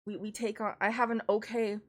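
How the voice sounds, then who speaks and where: A woman's voice: medium pitch, flat delivery, brisk. A woman casually reviewing books on a live stream, chatty and rambling, with frequent laughs and restarts. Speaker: book streamer.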